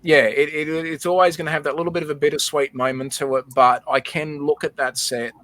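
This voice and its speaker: A man's voice: a little high, level tone, fairly quick, a bit bright, dry recording. A man hosting a livestream, telling a personal memory in casual chat and often repeating words. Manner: emotional storytelling, repeats words. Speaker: livestream host.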